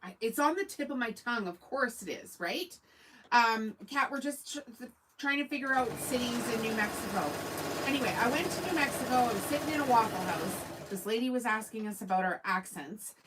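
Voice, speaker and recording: A woman's voice: fairly high pitch, lively intonation, brisk, a bit bright, a little hiss or hum, low-quality recording. A woman from Canada, hosting a casual sewing livestream, chatting in a rambling way and answering viewers' comments. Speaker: sewing channel host.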